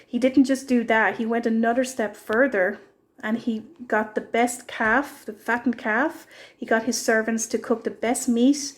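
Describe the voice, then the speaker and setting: Woman, devotional talk, higher voice, level delivery, earnest. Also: steady tone, unhurried. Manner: earnest storytelling. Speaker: church speaker. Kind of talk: short devotional message.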